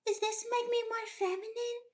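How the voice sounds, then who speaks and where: A woman putting on a mocking, breathy girly voice with a Marilyn-style purr. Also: very high-pitched, fairly even intonation, normal speed, voice pushed up. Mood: simpering. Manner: exaggerated, breathy and simpering. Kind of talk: comedic livestream bit.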